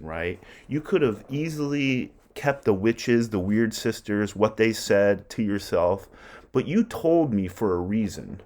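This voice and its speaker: A man's voice: lowish voice, expressive, normal speed, a little mellow. A male literature teacher lecturing on a play in a conversational way, often checking in with his listeners. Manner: conversational, keeps checking with "right?".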